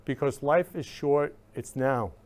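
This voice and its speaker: A man's voice: medium pitch, measured pace, a little mellow. A male talk-show host in live-stream chat, effusive and emotional, repeating loving greetings over and over. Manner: emotional, gushing.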